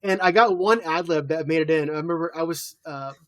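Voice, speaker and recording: A man's voice: fairly high pitch, fairly quick, a bit bright. A man in his thirties co-hosting a podcast, recapping a TV episode in casual chat and acting out quoted lines as he tells it. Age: 30s. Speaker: podcast co-host.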